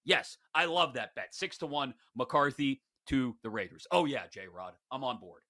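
A man hosting a sports betting talk show, animated, joking and opinionated. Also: mid-range voice, measured pace.

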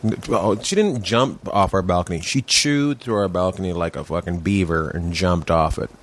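Low-voiced canadian comedian guy, dry and easygoing, casual podcast chat. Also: normal speed. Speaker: comedian guest.

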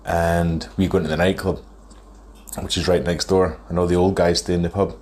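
A man's voice: low voice, level tone, fairly quick, a little mellow, slight background noise. A man in his thirties, telling a long, rambling story in a phone voice note and chuckling as he goes. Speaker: caller sending a voice note. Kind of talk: casual storytelling.

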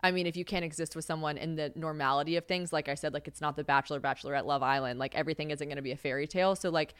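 Girl talking on her podcast, kinda low voice, cussing and going off on tangents, dry sound. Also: fairly even intonation, rapid-fire, a bit bright, smooth, dry recording. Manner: rambling, profane, laughs often. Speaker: podcast host. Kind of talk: casual solo podcast chat. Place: home kitchen.

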